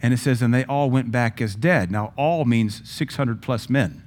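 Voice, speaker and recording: A man's voice: mid-range voice, moderate pace, a little mellow. A male pastor preaching a sermon in a church sanctuary, conversational and emphatic, with self-deprecating asides.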